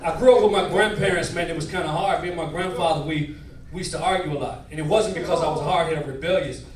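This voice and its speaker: A man doing a stand-up comedy set in a nightclub, animated and working the crowd. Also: a little high, fast talker, a little hiss or hum. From northern United States. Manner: animated, switching voices, crowd work. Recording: roomy club from far, crowd.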